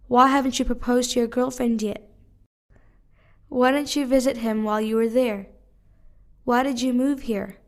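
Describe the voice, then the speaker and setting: Higher-voiced woman reading drill questions. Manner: measured, careful reading of one question at a time. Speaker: English teacher. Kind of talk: reading drill sentences aloud.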